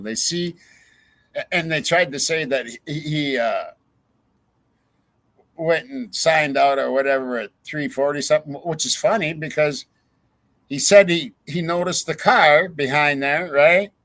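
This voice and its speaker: A man's voice: fairly high pitch, a little slow, a bit bright, no echo. A man hosting a true crime livestream, ranting in a heated, profane way to his viewers. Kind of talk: casual livestream commentary.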